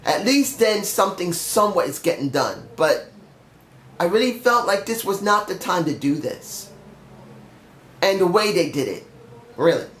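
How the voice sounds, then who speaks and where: A man's voice: high voice, very animated, moderate pace, pauses often, fairly bright tone, reverberant, a little hiss or hum. A young man reviewing a wrestling show on his own, ranting bluntly with some swearing while he is feeling sick. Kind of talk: opinionated solo review.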